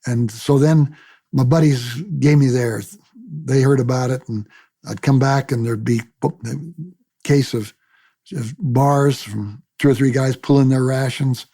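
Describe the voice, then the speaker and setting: A retired military pilot in his later years tells his memories for an oral-history interview. His voice is gravelly and husky, with a dark, mellow tone. He tells the story in a lively way, acts out the people he quotes, and repeats words as he finds his place. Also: mid-range voice, a little slow. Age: older. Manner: repeats words when he restarts.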